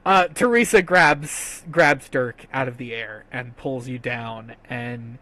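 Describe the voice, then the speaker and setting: A man narrating a tabletop game as game master, softly and slowly, with quick chatty asides. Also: medium pitch, low-quality recording.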